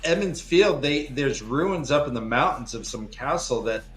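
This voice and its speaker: A man hosting a casual book-discussion podcast, animated and profane, who acts out characters in quick put-on voices. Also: mid-range voice. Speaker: podcast host.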